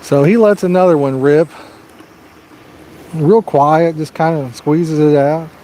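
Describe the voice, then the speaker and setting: A man hosting a live fishing show outdoors, his voice a touch higher than most men's. He talks in a loose, rambling, folksy way, telling a long joke while baiting his hooks. Faint outdoor noise sits behind him. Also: slow, dark tone. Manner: rambling, folksy storytelling with frequent "you know". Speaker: fishing livestream host. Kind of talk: casual live-stream chat and joke telling. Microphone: personal microphone.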